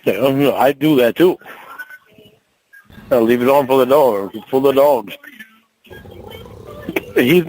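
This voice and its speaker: A man's voice: medium pitch, slow pace, long pauses, a little mellow, a little hiss or hum, poor audio. A man who drives trucks, arguing at home, swearing constantly and stumbling over his words. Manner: profane, rambling, stumbling restarts. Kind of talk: heated domestic argument.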